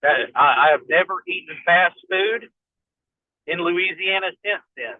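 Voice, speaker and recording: A man with a Kentucky accent chatting folksily as a guest while driving on a rough road. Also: high voice, measured pace, no echo. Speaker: guest, fire department instructor. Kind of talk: casual chat. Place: inside a car on a rough road. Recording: tinny phone-like line from a moving car.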